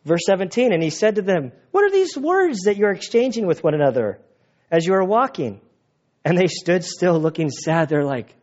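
A man's voice: high-pitched, sing-song, unhurried, darkish tone, lo-fi sound. A man preaching a sermon, retelling scripture casually and playfully, acting out lines of dialogue. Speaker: pastor.

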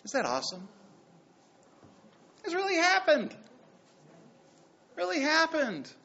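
A man preaching a sermon with a high, gravelly voice that leaps and dips in pitch. He drops to near-hushed asides, then bursts out loud as he acts out the stories. The recording sounds dull and lo-fi. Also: slow. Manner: animated, swings between hushed and loud, acts out quotes. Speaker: pastor.

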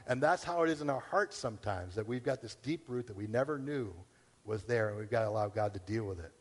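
A man's voice: lowish voice, fast. Man preaching in a reverberant hall. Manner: conversational preaching with acted-out inner questions. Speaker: pastor. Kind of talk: sermon.

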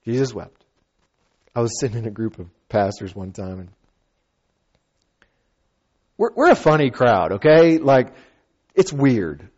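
A man preaching a sermon as a pastor, conversational and animated, with playful asides and acted-out quotes. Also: mid-range voice, unhurried, long pauses, lo-fi sound.

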